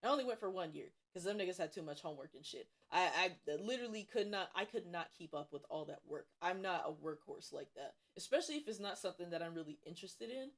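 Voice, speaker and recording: A young woman from Cincinnati, streaming while she draws, tells school stories in a casual, profane, animated way with bursts of laughter. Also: lowish voice, quick pace, hardly any pauses. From Cincinnati, USA. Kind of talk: casual storytelling while drawing.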